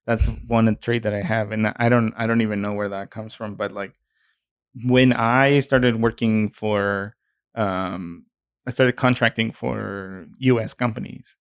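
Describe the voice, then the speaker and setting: A man's voice: on the low side, fairly even intonation, unhurried, clear, resonant tone, dry recording, clean studio sound. A young adult man from Mexico with a Mexican accent, co-hosting a podcast in a chatty way with many fillers. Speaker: podcast co-host. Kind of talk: casual chat.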